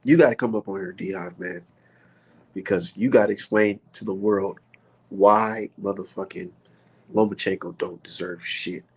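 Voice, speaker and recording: A man's voice: on the low side, moderate pace, creaky, slightly rough. A man giving a heated, profanity-filled boxing rant on his vlog. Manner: heated, animated, swears constantly. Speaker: boxing vlogger. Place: indoors, maybe art studio.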